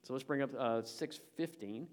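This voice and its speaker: A man's voice: mid-range voice, moderate pace. A man preaching a sermon as pastor, speaking conversationally and directly to the congregation, with emphatic swells and drops in volume. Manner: emphatic, rising and falling in volume.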